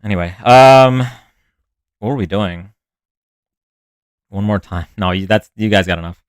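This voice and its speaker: A man's voice: lowish voice, measured pace, clean tone, no room sound. Chatty male livestream host. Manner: rambling, chatty, talks to viewers' comments. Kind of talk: casual livestream chat.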